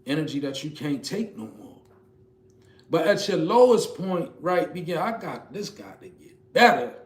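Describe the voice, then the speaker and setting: A man delivers a spiritual message like a preacher, rising and pressing on his points in a rhythmic, emphatic way. His voice sits a little high, with quick soft asides dropped in. He is recorded in an echoey room. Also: very animated. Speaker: spiritual reader.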